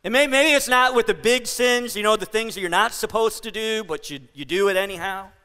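A man's voice: high-pitched, brisk, sharp tone, clear, resonant tone, big-room sound. A man preaching a sermon to a congregation, playful and joking with the crowd. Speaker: pastor. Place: church hall.

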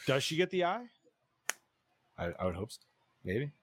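An animated man co-hosting a casual podcast chat. His pitch swings widely as he rants and swears freely. The sound is dry and close. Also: normal speed, dry recording. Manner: animated, profane, says "dude" a lot. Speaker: podcast co-host.

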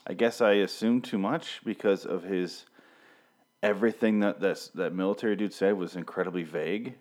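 Speaking at a normal speed, this thirtysomething host has a low, darkish voice with fairly even intonation. He reviews a TV show alone on his podcast through a pop-filtered studio mic, rambling, irreverent, and swearing often.

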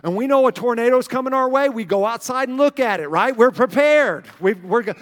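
A male pastor telling a story in a lively, chatty sermon, constantly checking in with the congregation. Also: very high-pitched, brisk, big-room sound. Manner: animated, chatty, keeps checking in with "right?".

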